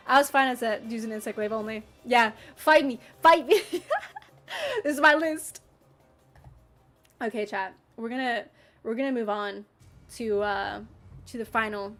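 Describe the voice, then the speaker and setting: A playful woman chats casually with her livestream audience, her voice sitting a little high. She bounces between mock outrage and easy laughter as she reacts to viewers. Faint music plays behind her. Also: fairly bright tone. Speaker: streamer reading chat.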